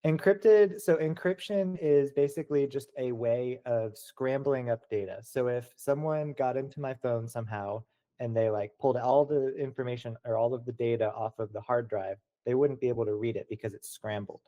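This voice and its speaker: A man's voice: medium pitch, normal speed, highs cut off. A young man answering interview questions casually, full of "like" and "kinda". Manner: relaxed, many "like" and "kinda" fillers.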